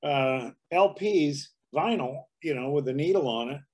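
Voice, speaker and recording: A man's voice: on the high side, expressive, unhurried. A man in his seventies, a guest comedian telling anecdotes in a casual interview, slipping into dialect impressions. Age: 70s.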